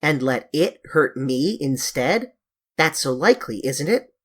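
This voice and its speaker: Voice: medium pitch, lively intonation, a little slow. A reader doing a brash know-it-all boy. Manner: brash, teasing, explaining.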